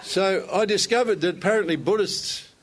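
A man's voice: high voice, moderate pace, crowd noise. A man speaking to other men in a conversational sermon, telling stories with self-deprecating humor.

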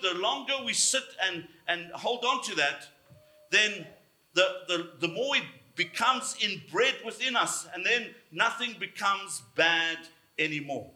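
A man preaching a sermon, emphatic, slowing down to stress key words. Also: high-pitched, bright, forceful tone. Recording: echoey room.

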